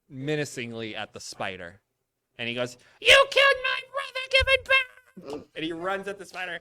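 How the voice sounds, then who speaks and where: A young man running a live tabletop game as dungeon master, narrating with animated storytelling. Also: mid-range voice. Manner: animated storytelling with sudden loud character outbursts.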